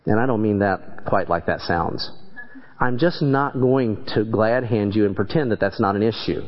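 A man preaches in a low-pitched voice, plainspoken and earnest. The recording is dull and lo-fi, like an old church tape. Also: moderate pace. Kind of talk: sermon with congregation questions.

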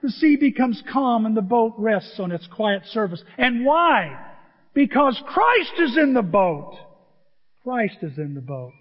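A man preaching a sermon as pastor, swinging between loud declarations and quiet asides. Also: very high voice, big pitch swings, unhurried. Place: church sanctuary. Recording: dull echoey sanctuary sound.

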